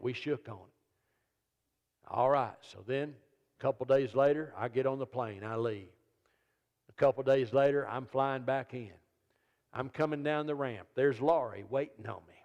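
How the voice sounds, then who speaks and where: A man, an evangelist and comedian telling funny stories in a sermon and jumping into loud high voices when he quotes people. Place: church service. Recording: long reverb of a church hall.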